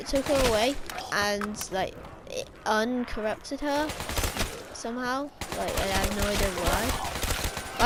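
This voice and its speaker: A woman's voice: on the high side, heavy background noise. A woman talking casually about game lore, rambling and correcting herself as she speculates. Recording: game gunfire playing behind.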